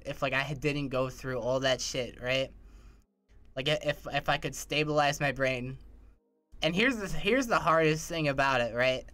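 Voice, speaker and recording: A man's voice: medium pitch, moderate pace, pushed and bright, no room sound, soft background music. A young man chatting on a livestream, rambling, slangy and swearing a lot. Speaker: streamer. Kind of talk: casual livestream chat.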